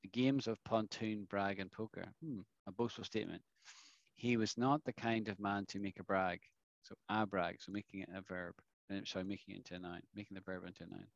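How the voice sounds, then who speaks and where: Lower-voiced man teaching, dull dry sound. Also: steady tone, a little fast, vocal fry, no room sound. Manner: explains patiently, often checks with "right?". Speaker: English teacher. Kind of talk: classroom explanation.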